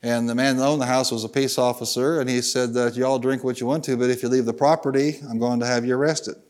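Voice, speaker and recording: Speaking quickly in a level, mid-range, slightly mellow voice, a middle-aged Southern Illinois pastor preaches in the sanctuary. His sermon is built on folksy stories, and he calls out for congregational responses.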